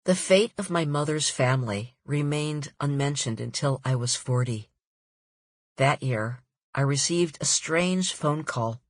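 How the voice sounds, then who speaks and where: A woman author reading her own nonfiction audiobook in a measured, deliberate way. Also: low-pitched, dry recording, clean studio sound.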